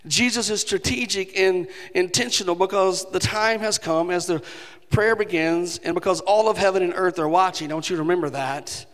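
In a church sanctuary whose large hall gives a long reverb, a male pastor preaches a sermon. His voice is high-pitched and fairly bright at a moderate pace, earnest and building to emphatic passages.

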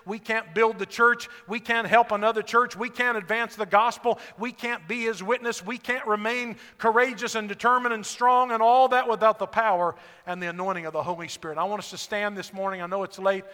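In a church sanctuary, a fervent male pastor with a strikingly high, bright voice delivers a sermon, moving from quiet, intimate passages to ringing exhortations that nearly become shouts. His intonation stays fairly even, his pace is brisk with few pauses, and a long reverb trails each phrase through the hall.

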